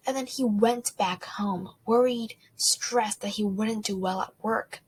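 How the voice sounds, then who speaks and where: A woman teaching an English lesson in a chatty way, often soft and whispery, with small restarts. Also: mid-range voice, unhurried, slight background noise, poor audio. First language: not English. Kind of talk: casual lesson, partly whispered.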